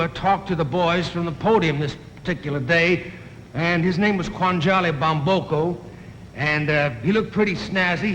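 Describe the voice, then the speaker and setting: High-voiced comedian on an old TV stage. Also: male voice, fairly bright tone, a little hiss or hum. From New York. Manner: chatty, joke-telling, playful. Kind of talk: stand-up storytelling. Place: television stage with audience. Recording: echoey old television broadcast.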